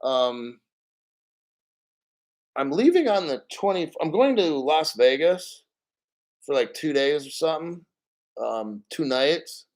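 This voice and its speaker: A man's voice: a little high, very animated, slow, pauses often, low-quality recording. A man hosting a casual crypto stream, rambling bluntly and swearing freely. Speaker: crypto show host. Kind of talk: casual live-stream rant.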